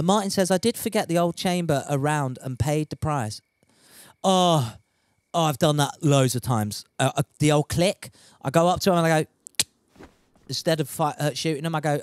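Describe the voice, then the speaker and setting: Young guy streaming, reads chat out loud, swears a lot, voice sits a bit high. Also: moderate pace, no room sound, clean studio sound. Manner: chatty and sweary, laughs at himself. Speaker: gaming streamer. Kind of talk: casual live-stream chat reading out viewer messages.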